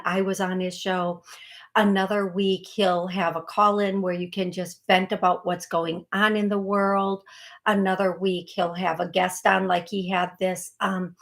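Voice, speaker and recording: Woman, psychic show host, live call-in chat, rambling, filler-heavy. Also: mid-range voice. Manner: chatty and rambling, many fillers and restarts.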